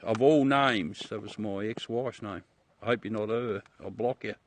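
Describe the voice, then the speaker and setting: A man's voice: on the low side, normal speed. A middle-aged Australian man casually chatting with viewers on a livestream, joking, swearing and laughing often as he shows the moon through a telescope. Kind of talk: casual live chat with viewers.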